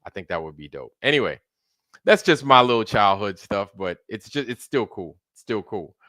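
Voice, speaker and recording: A man's voice: on the low side, sing-song, normal speed, pushed and bright, dry recording, clean studio sound. A man hosting a casual live stream, loose and slangy, greeting viewers by name in a running roll call. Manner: greets viewers by name one after another. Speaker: livestream host.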